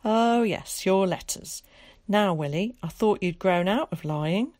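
A woman's voice: medium pitch, unhurried, a little mellow, no echo, studio quality, lightly acted. A woman voicing a stern, pious mother who is cold, suspicious and reproachful in a storybook reading. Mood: scolding. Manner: clipped, reproachful, preachy.

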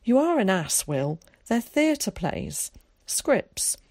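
A woman reading aloud, voicing an eager, theatrical schoolboy who loves to show off, in a lively, dramatic way. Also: medium pitch, takes it slowly, no echo, clean studio sound, voice pushed up, exaggerated voice.

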